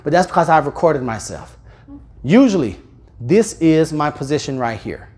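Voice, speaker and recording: A man leading a live sales seminar in a training room, addressing the audience with questions and deliberately speeding up, slowing down, and shifting his volume. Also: fairly high pitch. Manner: energetic, speeds up and slows down, louder and softer on purpose. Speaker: real estate sales trainer.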